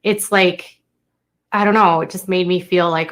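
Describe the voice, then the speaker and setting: A young woman speaks to her stream in a slightly low voice, halting and emotional. She restarts sentences often and fills pauses with fillers. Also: fairly even intonation, a bit bright. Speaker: YouTuber live-streaming to viewers. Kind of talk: unscripted live-stream talk to chat.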